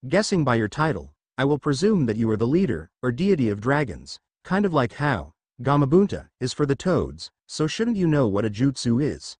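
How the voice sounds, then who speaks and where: An impulsive young ninja blurts out his lines in a raised, excitable voice, as a man voices him. The pitch jumps around in a lively way. The storybook audio is dry and close. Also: normal speed, few pauses, slightly rough, no echo. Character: brash young male ninja, loud and impulsive.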